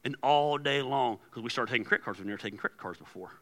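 A man preaching a sermon as pastor, animated and acting out quoted prayers. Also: medium pitch, quick pace. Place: large church hall. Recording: long hall reverb.

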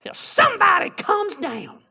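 A man's voice: very high-pitched, very animated, a little slow, creaky, bright, forceful tone, pitched above the performer's own voice, heavily acted. A man voicing a fervent old-time revival preacher who bellows at the congregation. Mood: fervent shouting.

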